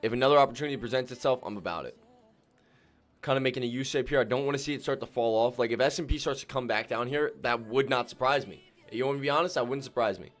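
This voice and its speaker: Excitable male day-trading streamer. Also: medium pitch, fast talker. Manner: excitable, swings from calm muttering to loud whoops; slangy, keeps addressing viewers as ladies and gentlemen. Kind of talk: live trading stream commentary.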